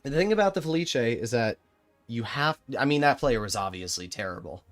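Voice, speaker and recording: A man's voice: mid-range voice, lively intonation, brisk, faint music behind. A young man streaming a tank game live, giving sarcastic, exasperated commentary to his chat. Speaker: gaming streamer.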